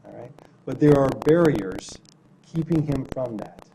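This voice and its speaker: A man's voice: mid-range voice, animated, a little slow, creaky, mellow, slight background noise. A man from city human services giving anecdotal remarks at a public meeting, telling stories in a self-deprecating way and often checking in with "right?".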